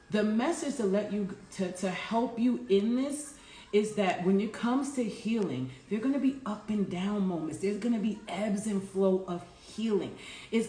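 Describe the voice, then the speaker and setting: A woman's voice: mid-range voice, darkish tone, roomy sound. A woman life coach giving an earnest, preachy morning talk and calling her listeners y'all. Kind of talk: casual inspirational morning talk.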